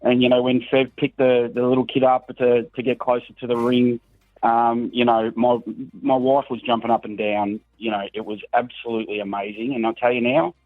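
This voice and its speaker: A man's voice: mid-range voice, level tone, brisk, dry recording. A man calling in to a radio show, talking earnestly and rambling with plenty of fillers. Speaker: radio caller. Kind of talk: call-in chat. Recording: phone line.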